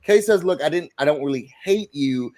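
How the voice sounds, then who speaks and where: A man hosting a live recap panel, retelling a reality show episode in casual, animated chat and acting out quotes from the cast. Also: fairly high pitch, moderate pace, rough recording. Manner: animated, quotes cast members in put-on voices.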